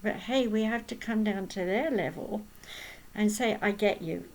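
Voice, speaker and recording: A woman's voice: mid-range voice, unhurried, a little mellow, rough recording. A woman medium and healer talking casually, telling stories and tossing in rhetorical asides. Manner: chatty, storytelling, with rhetorical asides. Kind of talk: casual spoken talk.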